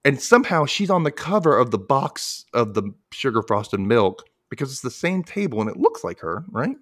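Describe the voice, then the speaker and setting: Animated man recapping with lively pitch. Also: normal speed, no echo, clean studio sound. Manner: animated retelling, frequent laughter, acts out quotes. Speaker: podcast host recapping a cartoon. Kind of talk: casual podcast chat.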